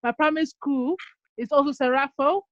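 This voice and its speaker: A woman's voice: high voice, steady tone, normal speed, dry recording. A young Nigerian woman answering interview questions on a video call, hesitant with many ums and restarts. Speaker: guest QA engineer. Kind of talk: casual online interview. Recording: dull dry video call audio.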